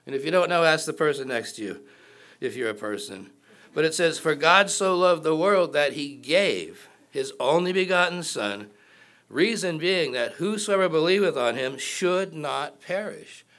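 A man preaching to a congregation, with a voice that sits a little high for a man. He reads verses aloud and keeps stopping to throw questions back at the listeners. Along the way he slips in jokes, so the sermon feels loose and conversational. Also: animated, moderate pace, a bit bright. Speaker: pastor.

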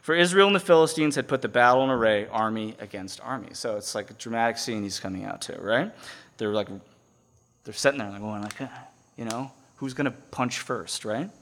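A man preaching a sermon who reads scripture aloud and explains it in casual, animated paraphrase, asking the audience to fill in words. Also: fairly low pitch, fairly quick.

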